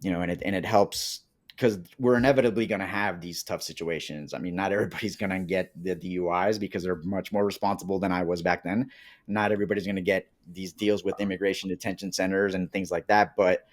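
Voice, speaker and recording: A man from Colombia, a podcast guest, telling his life story in casual conversation and acting out the dialogue he recalls. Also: sits low. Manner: animated, acts out quoted dialogue.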